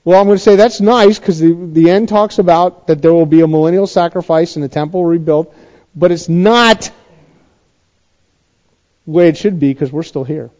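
A man leads a verse-by-verse Bible study, talking it through casually with restarts and asides to his listeners. His voice sits high but sounds mellow and dark in tone. The recording is dull and lo-fi. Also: normal speed. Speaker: pastor teaching a Bible study.

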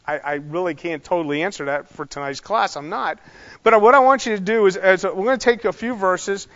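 Guy teaching bible class, kinda high voice, lots of ums and side comments, muffled lo-fi sound. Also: fairly bright tone. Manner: conversational, rambling, with many fillers and asides. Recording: dull sound in a large reverberant hall.

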